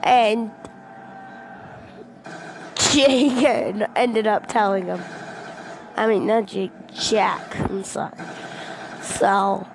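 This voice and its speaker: A young female gaming vlogger casually telling a rambling story, excitable and breaking into shouts when she quotes people, into a headset mic. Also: mid-range voice, drawn-out words, pauses often, noisy background.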